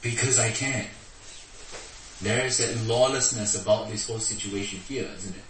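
A man's voice: normal speed, a little hiss or hum. A man preaching a sermon, acting out the quoted words in a raised voice. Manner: animated, acts out quotes with raised pitch. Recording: echoey hall from far off.

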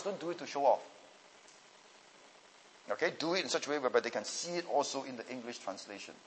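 A man teaching a class on Bible languages and preaching, emphatic and deliberate, often checking in with his listeners. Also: medium pitch, slight background noise, poor audio.

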